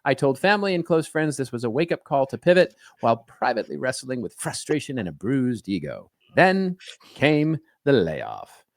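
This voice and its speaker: A man's voice: medium pitch, very animated, moderate pace, no room sound, clean studio sound, pitched above the performer's own voice. A man putting on the voice of an earnest 1930s newsreel announcer, reading in a mock-grand, theatrical way. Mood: mock-dramatic.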